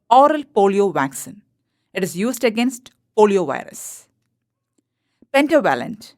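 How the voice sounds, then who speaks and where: A woman with an Indian English accent reading out a list of terms and their meanings one by one for a school lesson. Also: medium pitch. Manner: reads out a list term by term. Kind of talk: read-aloud lesson.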